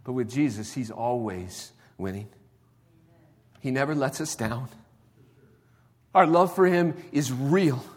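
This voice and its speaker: A man preaching a sermon in a conversational style, dropping quiet and then rising to emphatic points. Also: medium pitch, takes it slowly, pauses often. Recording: long hall reverb.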